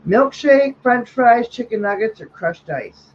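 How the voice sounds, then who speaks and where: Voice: medium pitch, lively intonation, measured pace. A co-host in casual chat on a video call, reading out trivia questions in a blunt, teasing way. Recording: dull line with faint noise.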